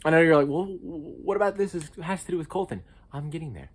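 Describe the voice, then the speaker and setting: This young American guy talks fast in a husky voice, recounting humorous college episodes for his casual vlog. Loud, squeaky eruptions alternate with muttered low asides.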